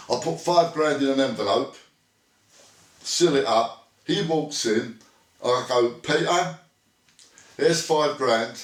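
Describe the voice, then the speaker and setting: Swearing freely, a British ex-bouncer being interviewed recounts a rough story in a blunt manner, playing out what each person said. His pitch is medium. The recording comes from a distance, leaving his voice a bit off-mic in an echoey room.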